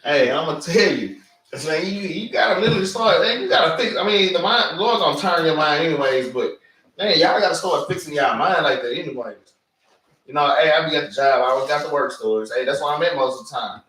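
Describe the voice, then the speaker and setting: Man, higher-pitched, forceful; casual animated preaching class; far mic, roomy echo. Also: a little fast. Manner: animated, street-casual, keeps saying "man". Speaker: class teacher. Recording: echoey room, mic far off.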